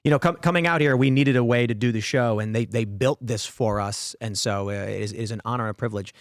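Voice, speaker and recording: A man hosting a podcast in a loose panel chat, reading viewer comments off his phone. He stumbles and doubles words when he starts a thought, and his voice sits at an ordinary middle pitch. The sound is close and dry. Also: fast talker, no echo. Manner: stammering, repeats words while starting sentences. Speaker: podcast host.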